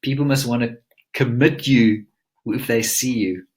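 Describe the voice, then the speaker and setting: A man's voice: medium pitch, fairly even intonation, measured pace. A man presenting a live webinar as a mindset coach, teaching in an earnest, emphatic coaching tone.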